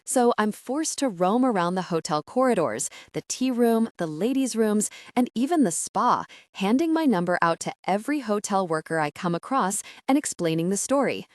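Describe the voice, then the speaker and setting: Animated woman narrating an audiobook. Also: mid-range voice, no echo, clean studio sound. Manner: expressive, wry, animated storytelling. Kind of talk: first-person audiobook narration.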